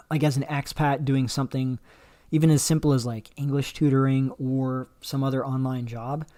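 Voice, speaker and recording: A man's voice: medium pitch, a little mellow. A man hosting a casual livestream, rambling through chat questions with many fillers and restarts. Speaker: livestream host. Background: dog barking faintly.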